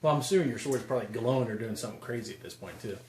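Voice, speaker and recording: A man's voice: medium pitch, very fast, crowd noise. A man running a tabletop game as game master, rambling and restarting his sentences with lots of "like". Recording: roomy room with background noise.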